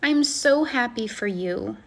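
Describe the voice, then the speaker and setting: A woman's voice: fairly high pitch, lively intonation, takes it slowly. Gushing woman on a phone live. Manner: gushing, effusive and encouraging. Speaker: manifestation coach on a live stream. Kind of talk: casual live-stream chat, reading comments.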